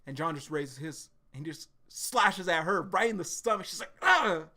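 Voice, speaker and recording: A man streaming a live reaction to a comic, excitable and profane, rambling with lots of fillers. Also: a little high, normal speed, slight background noise.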